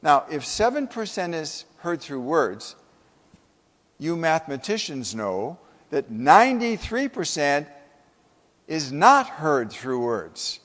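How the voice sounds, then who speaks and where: A man's voice: fairly high pitch, sing-song, takes it slowly, fairly bright tone. A man giving a humorous, emphatic motivational keynote speech at a conference, full of stories. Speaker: keynote speaker. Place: conference hall. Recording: echoey conference hall.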